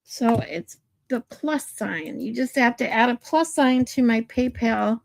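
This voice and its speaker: Chatty woman streamer, bright voice. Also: fairly high pitch, lively intonation, measured pace, creaky, no echo. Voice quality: chatty, laughs easily. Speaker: livestream host. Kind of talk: casual livestream chat.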